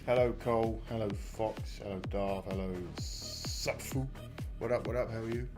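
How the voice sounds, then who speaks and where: A man's voice: on the low side, fairly even intonation, brisk, music in the background. A British man hosting a live stream, chatting casually, greeting viewers by name and apologising for his mic volume while in some pain from a muscle injury. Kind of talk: casual live-stream chat reading comments. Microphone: close desk mic.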